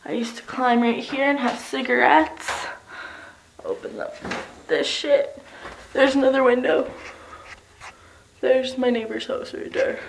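A young woman with a high voice talks slowly and loosely, as though giving a camera tour of an empty basement. She giggles and swears freely, and gets animated when she retells old stories. A faint hiss sits under the home-camera sound. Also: gravelly. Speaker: vlogger giving a house tour. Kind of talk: casual rambling vlog tour.

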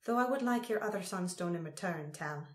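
A woman doing a calm young warrior woman. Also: lowish voice, brisk, lightly acted. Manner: calm, steady. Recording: roomy echo.

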